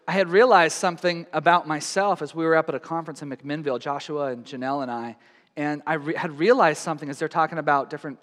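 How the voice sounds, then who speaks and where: High-voiced man preaching in a reverberant hall. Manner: personal storytelling, animated and emotional. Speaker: pastor. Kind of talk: sermon.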